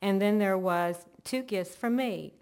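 A woman's voice: mid-range voice, a little slow, a little mellow. Woman telling her faith story, earnest and emotional, lots of "and so". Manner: earnest, emotional, chains events with "and so". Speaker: church member giving testimony. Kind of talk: personal faith testimony storytelling.

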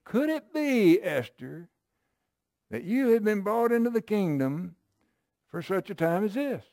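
A man's voice: high voice, very animated, a little slow, darkish tone, no room sound, clean studio sound. A man preaching a sermon, reading Bible verses and explaining them in an emphatic, conversational way, often checking with listeners.

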